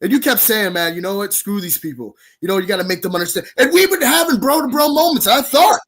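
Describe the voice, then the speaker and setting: Shouting, accusing high-voiced man. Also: expressive, fast. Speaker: professional wrestler guest. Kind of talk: heated in-character wrestling promo.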